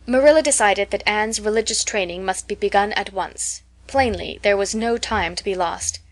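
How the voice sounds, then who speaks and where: A woman narrating an audiobook of a classic novel in a measured, clear storytelling manner. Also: mid-range voice. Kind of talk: scripted narration.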